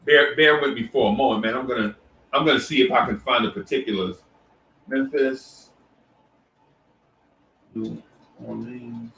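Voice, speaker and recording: A man's voice: medium pitch, measured pace, long pauses, far from the mic, slight background noise. A man hosting a casual live stream, greeting viewers one by one and talking loosely with many restarts. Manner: loose, repetitive shout-outs with restarts and fillers. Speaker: livestream host. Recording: echoey room, voice set back from the mic.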